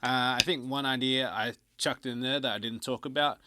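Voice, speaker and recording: A man's voice: mid-range voice, steady tone, normal speed, background noise. A man teaching a drum lesson, counting out stickings aloud as he explains. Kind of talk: instructional demonstration. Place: drum studio.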